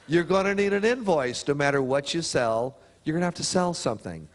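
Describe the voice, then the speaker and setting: A man speaking at a motivational seminar, telling a story with lively swings in pitch and pauses for emphasis. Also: a little hiss or hum. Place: prison chapel or hall.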